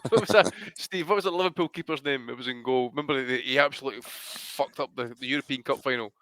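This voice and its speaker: A man, co-hosting a boxing podcast in casual chat, animated and joking. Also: medium pitch, fast talker, dry recording. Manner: animated, banter-heavy, laughs often. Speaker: podcast co-host.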